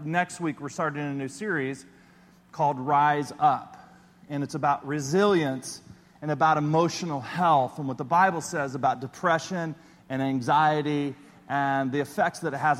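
A man preaching a sermon as a pastor, telling a personal story in an animated way and acting out his own panicked voice. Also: a little high, big-room sound.

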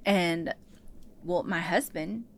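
Animated woman telling stories. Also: on the low side, slow pace, gravelly, slight background noise. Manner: animated storyteller, acts out quotes. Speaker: pastor and therapist guest. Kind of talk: casual podcast interview.

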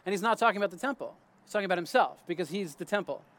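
A man with a fairly high voice teaching scripture outdoors in his garden. His delivery is loose and conversational, with restarts and quick "right?" check-ins. He speaks like a friend explaining something rather than preaching from a pulpit. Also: lively intonation, a bit bright. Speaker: teacher of a Bible talk. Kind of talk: casual spoken Bible teaching.

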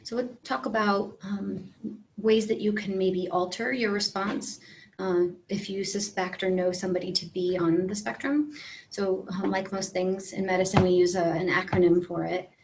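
Woman lecturing a class, plain and relaxed. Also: medium pitch, normal speed, a little hiss or hum, rough recording. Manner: relaxed, friendly, frequent ums. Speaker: instructor.

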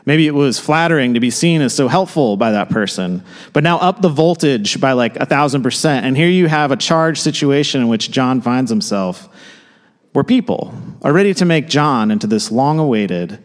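A man preaching a sermon in a casual, conversational way, with quick asides and restarts. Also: a little high, big-room sound. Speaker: pastor. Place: church sanctuary.

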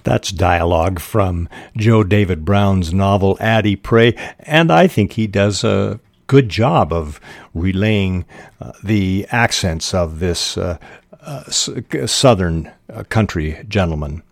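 A man teaching fiction writing in a slow, unhurried way. His voice is low, and he stops often on "uh" while he looks for the word. The sound is close and dry, with no room in it. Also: vocal fry, no echo. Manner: measured and deliberate, with frequent "uh" pauses. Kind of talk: instructional podcast talk.

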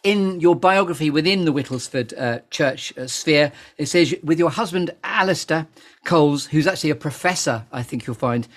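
A man's voice: on the high side, moderate pace, a bit bright. Playful, digressive male podcast host. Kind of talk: chatty interview on a live stream.

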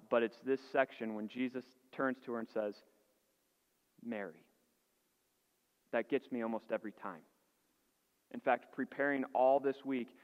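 A pastor preaching a sermon earnestly, building emphasis and asking rhetorical questions. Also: male voice, mid-range voice, long reverb tail, muffled recording.

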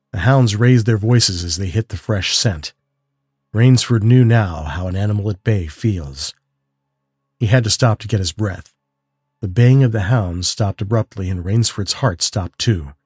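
Man narrating in a low, husky voice. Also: dry recording, clean studio sound. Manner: measured, steady reading. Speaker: narrator and host of a story show. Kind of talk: calm audiobook story narration.

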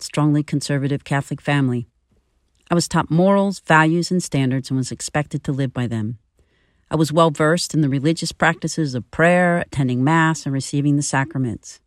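A woman's voice: sits low, dry recording, studio quality. Earnest woman reading a spiritual reflection. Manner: earnest, measured, personal. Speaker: podcast reflection speaker.

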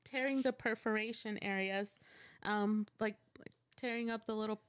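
A woman co-hosting a podcast, chatting in a relaxed, reflective way with light laughter. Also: medium pitch, moderate pace, clean tone. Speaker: podcast co-host. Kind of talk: casual chat.

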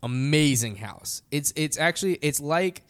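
A young man telling a story in casual podcast chat, animated and full of "like" fillers. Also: on the high side, measured pace. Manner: animated, heavy use of "like" fillers. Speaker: podcast storyteller, band member.

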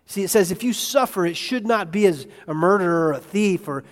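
A male pastor preaching a conversational sermon in a church, asking his congregation questions and swinging between hushed asides and loud, excited bursts. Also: high voice, a little fast. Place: church sanctuary. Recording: long hall reverb.

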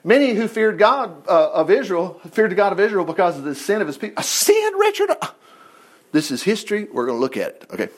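Lively, animated male preacher. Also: sits high, fast talker, few pauses. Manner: lively, digressive, animated asides and quips. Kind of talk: conversational sermon, reading scripture aloud.

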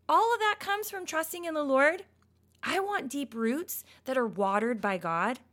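Expressive, emphatic woman giving a devotional talk. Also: high voice, a little slow. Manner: expressive, emphatic, with sudden loud bursts and soft drops. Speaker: Christian devotional speaker.

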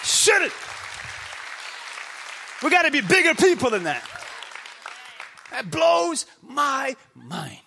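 A man from the United States preaching a sermon in church with impassioned shouting and rhetorical questions. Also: extremely high pitch, huge pitch swings, takes it slowly, gravelly, long pauses, a faint crowd, a little hiss or hum. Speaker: pastor. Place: church before a congregation.

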